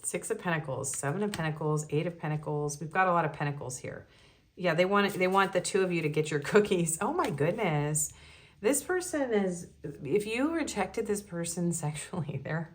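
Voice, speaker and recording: A woman's voice: sits low, animated, moderate pace. A woman giving a casual tarot reading, chatty and giggly, with many ums and likes. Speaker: tarot reader.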